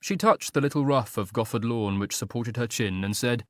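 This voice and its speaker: Here a man gives scripted narration of a historical romance audiobook, measured and even in tone. His voice is mid-range, and the studio-quality recording carries no room sound.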